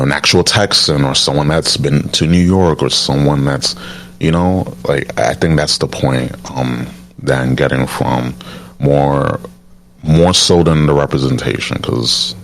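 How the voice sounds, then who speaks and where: A man with an extremely low, rumbling baritone talks through his point in a loose podcast chat. He stumbles and restarts often and fills his pauses with fillers. His unhurried talk stays grounded in that deep register throughout. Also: creaky, a bit bright, a little hiss or hum. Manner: halting, with frequent restarts and fillers. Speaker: podcast host. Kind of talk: casual podcast discussion.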